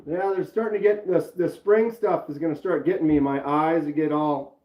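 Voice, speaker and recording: A man's voice: a little high, a little slow, warm tone. A man casually chatting on a live stream, rambling and greeting viewers from the chat by name. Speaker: knife channel live streamer. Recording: roomy, slightly dull sound.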